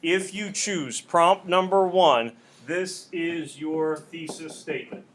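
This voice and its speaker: Patient male English teacher, slightly high voice. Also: steady tone, slow pace, fairly bright tone, a little hiss or hum. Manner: patient, repeats key points to students. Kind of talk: classroom instruction. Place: classroom.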